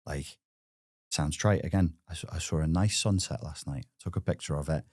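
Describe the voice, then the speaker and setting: Deep-voiced Scouse man, reflective. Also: moderate pace, a little mellow, breathy edge, no echo, clean studio sound. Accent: Liverpool (Scouse). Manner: reflective, blunt, swears casually. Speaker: guest. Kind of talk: casual conversation.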